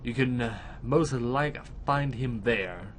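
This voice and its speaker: A man's voice: mid-range voice, takes it slowly, a little hiss or hum, close to an everyday voice. A man putting on a worried Irish-accented wife. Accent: put-on Irish. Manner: pleading, hushed, anxious. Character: worried middle-aged woman, fearful wife.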